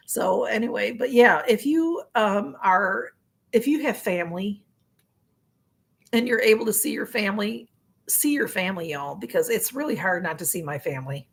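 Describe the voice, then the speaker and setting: A middle-aged woman with a Chicago accent hosts a live stream in a casual, rambling chat, reading out viewer comments, her voice going a little hoarse. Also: medium pitch, lively intonation, normal speed, pauses often. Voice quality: rambling, chatty, with frequent fillers and restarts. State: voice getting hoarse.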